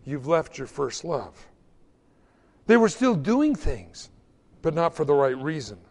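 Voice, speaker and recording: A man preaching a sermon in a high, bright register. His pitch swoops up and down as he slips into short, acted-out bits of everyday conversation, keeping the talk loose and conversational. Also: big pitch swings, slow. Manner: conversational, acts out little everyday dialogues. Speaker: pastor.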